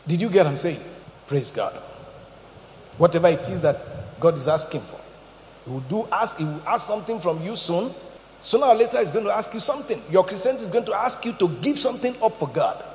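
A man preaching a sermon, telling animated stories and asking the congregation questions. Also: high-pitched, fairly quick, a little hiss or hum. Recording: echoey hall, dull sound.

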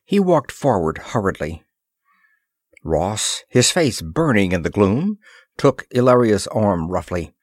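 A man reading an adventure story aloud in a measured narration. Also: lowish voice, big pitch swings, slightly rough, no room sound, clean studio sound.

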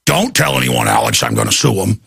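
A man voicing a gruff angry man, low gravelly grumble, clipped muttered complaints. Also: wildly swooping pitch, a little fast, fairly bright tone, dry recording, studio quality, full character voice. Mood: grumbling.

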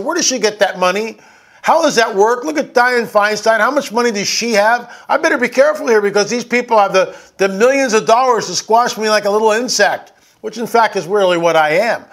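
A man's voice: high-pitched, a bit bright. A man giving an indignant, emphatic political commentary over video clips.

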